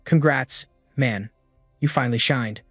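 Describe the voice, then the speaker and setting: Man reading sincere teen buddy, gentle and low-key, dry close voice, soft music. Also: measured pace, no echo. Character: warm-hearted teenage boy, loyal friend.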